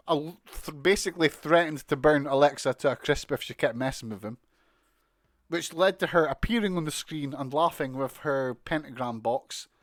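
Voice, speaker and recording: A man's voice: on the high side, no echo, studio quality. A man with a British accent giving a casual, sweary, mocking recap of a wrestling show. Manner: sweary, mocking, exasperated ranting with laughs.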